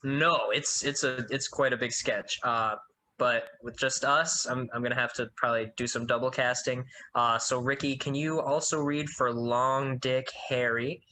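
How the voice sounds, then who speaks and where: A man's voice: mid-range voice, steady tone, normal speed, bright, forceful tone. A man casting a comedy sketch, hesitant and stammering with lots of fillers. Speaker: sketch writer casting the scene. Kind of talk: scripted comedy sketch banter.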